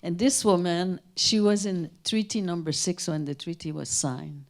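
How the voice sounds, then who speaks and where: Low-voiced older woman telling stories. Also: moderate pace. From Canada. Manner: animated, acts out quoted voices, trails off and restarts. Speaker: guest speaker. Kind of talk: anecdotal storytelling at a Q&A. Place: town hall in front of an audience.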